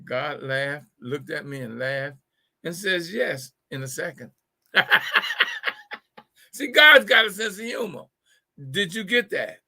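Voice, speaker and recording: A man's voice: a little high, animated, measured pace, sharp tone. A middle-aged man hosting a live call-in show, telling jokes casually, repeating his punchlines and stumbling over words. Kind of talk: casual humorous talk.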